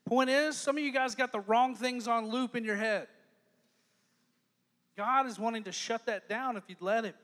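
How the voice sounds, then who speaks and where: A man preaching a lively youth sermon as pastor, joking and acting out quoted lines in changing voices. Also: very high-pitched, normal speed, pauses often, long reverb tail.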